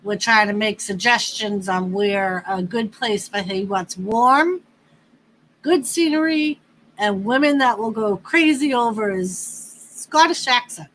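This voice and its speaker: A woman from the northeastern United States hosting a livestream, chatting casually in a drawn-out, easygoing way with laughs. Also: medium pitch, a bit bright, slight background noise, low-quality recording. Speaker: livestream host. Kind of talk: casual chat with viewers and a partner.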